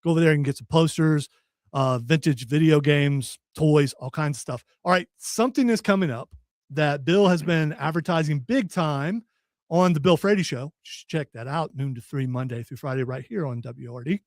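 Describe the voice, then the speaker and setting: Upbeat male radio host, bright voice. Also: fairly high pitch, moderate pace, no room sound, studio quality. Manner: upbeat, joking. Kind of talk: casual radio banter. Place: radio studio. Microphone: studio microphone.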